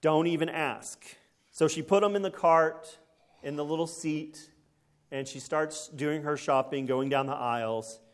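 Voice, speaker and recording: A man delivers a folksy, conversational sermon, frequently checking in with his congregation through quick tag questions. His voice sits on the high side and sounds clear and resonant.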